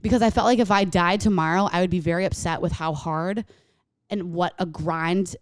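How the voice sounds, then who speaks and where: Young woman co-host, casual storyteller, smooth tone, dry close mic. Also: on the low side, moderate pace, no room sound. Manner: animated storytelling, frequent "like". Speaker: podcast co-host. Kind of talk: casual chat.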